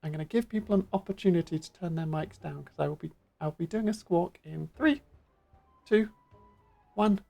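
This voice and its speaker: Chatty, gravelly woman streamer. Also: lowish voice, moderate pace, mellow, soft background music. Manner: chatty, self-deprecating, thinking aloud. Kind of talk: casual game-stream commentary. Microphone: studio mic with pop guard.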